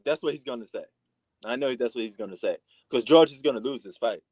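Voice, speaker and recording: A man's voice: mid-range voice, animated, fast, a little mellow, breathy edge, no room sound. A man from New York with a New York accent, giving slangy, laid-back live commentary on a boxing match as a stream host. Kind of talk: casual live fight commentary.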